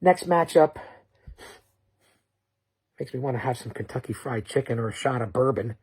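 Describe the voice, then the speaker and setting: A man's voice: mid-range voice, animated, moderate pace, a little mellow, slightly rough. A middle-aged man hosting a wrestling-style trash-talk promo, bombastic and rambling, stumbling over restarts as he hypes upcoming matchups. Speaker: show host promoting matchups.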